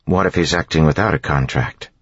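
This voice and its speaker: A man's voice: extremely low pitch, fairly quick, slightly rough, dry recording, dull audio. A man doing a restless, pressing young woman. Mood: probing. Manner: pressing questions, impatient.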